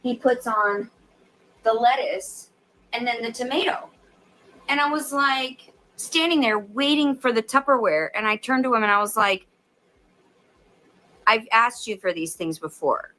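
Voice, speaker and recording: A stressed woman talking straight to camera, her voice bright and slightly high, swearing constantly as she unloads on her audience. Her rant is blunt and heated. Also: a little slow, pauses often. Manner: swears heavily, ranting at viewers. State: stressed and angry. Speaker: vlogger filming herself. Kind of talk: profane venting vlog.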